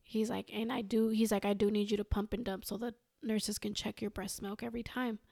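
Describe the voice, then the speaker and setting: Young woman, podcast guest, gravelly voice, dry close sound, animated storytelling. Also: mid-range voice, brisk, no echo. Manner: animated, quotes herself and others, many "like"s. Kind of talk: casual storytelling.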